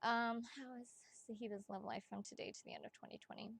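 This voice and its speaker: Giggly woman rambling on a livestream, high bright voice, dry close mic. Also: steady tone, creaky, slightly rough, no room sound. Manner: bubbly and giggly, chatty, talks fast with asides. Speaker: psychic reader, livestream host. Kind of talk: casual livestream chat.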